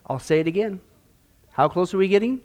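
A man's voice: high voice, expressive, fairly quick, heavy background noise. A man preaching a sermon-style Bible lesson, emphatic and sarcastic, full of rhetorical questions.

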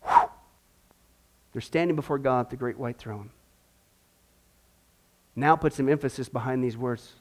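A man preaching a sermon in an emphatic, animated, rhetorical way. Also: mid-range voice, unhurried, long pauses.

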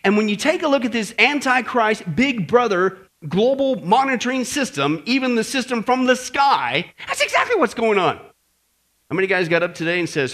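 A man's voice: very high voice, very animated, normal speed, fairly bright tone. A man preaching a Bible teaching sermon in an emphatic, conversational way, often checking in with his listeners.

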